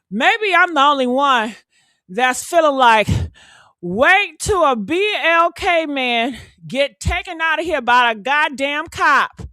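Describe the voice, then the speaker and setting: A woman's voice: high-pitched, pushed and bright, dry recording, studio quality. Fired-up sassy woman ranting on a live stream. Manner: fired-up, sassy, calls viewers honey and baby.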